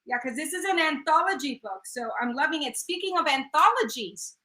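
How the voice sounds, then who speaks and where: A woman co-hosts a casual chat with gushing, excitable energy. Her voice sits high and bright. The room around her is echoey. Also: fairly quick. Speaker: co-host.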